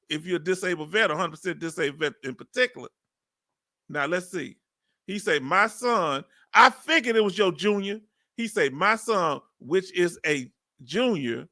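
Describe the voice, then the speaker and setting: A man's voice: high-pitched, sharp tone. A Texan man in his fifties with a Southern accent, hosting a casual live stream as a veteran, reading viewer comments aloud and laughing often. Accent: Southern US, Texas. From Texas. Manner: chatty, laughing, drawling asides. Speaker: livestream host, veteran.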